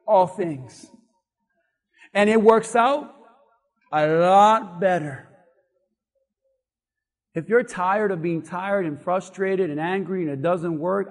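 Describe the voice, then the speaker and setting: A male pastor preaching in a church with a very high, light voice. His delivery is animated and climbs to shouted peaks, and long hall reverb trails every phrase. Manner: animated, rising to shouts at points. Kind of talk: sermon.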